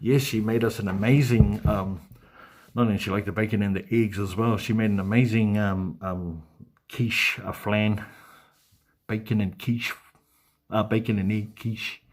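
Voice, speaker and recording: A man's voice: on the low side, steady tone, measured pace. Rambling man on a live stream. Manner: rambling, hesitant, many ums and restarts. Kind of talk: casual live-stream chat.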